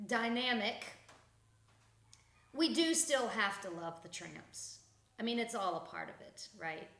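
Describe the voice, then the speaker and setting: Woman host, slow, bright higher voice, blunt, profane, laughs often, echoey room. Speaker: podcast host. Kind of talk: casual spiritual talk.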